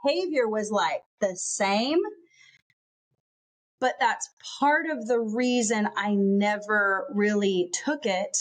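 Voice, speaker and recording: A woman's voice: medium pitch, slow. A woman guest on a podcast recounting a personal story, earnest and full of "um" and "like.". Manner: earnest, lots of "um" and "like".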